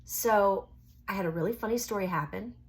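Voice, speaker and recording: A woman's voice: medium pitch, fairly quick. Wry woman telling a dating story. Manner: wry, sarcastic, quotes people in lively asides. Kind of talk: casual storytelling.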